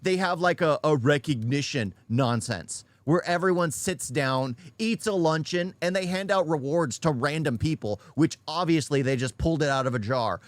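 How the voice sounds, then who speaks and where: A man's voice: on the high side, normal speed, hardly any pauses, no room sound. Blunt, ranting man. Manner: blunt, repeats his points, frequent restarts. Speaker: YouTube reaction commentator. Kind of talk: unscripted rant reacting to a video.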